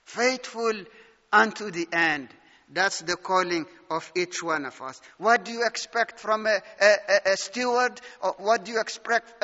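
A male preacher delivers a fervent sermon in a bright, high voice, piling up rhetorical questions and calling out to his dear friends. His words ring out with a long hall reverb on a dull, lo-fi recording.

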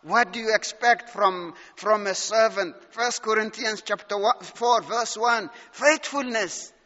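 A man's voice: high voice, a little slow, sharp tone. A man preaching a sermon with fervor, addressing listeners as dear friends and firing off rhetorical questions. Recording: reverberant hall, dull lo-fi sound.

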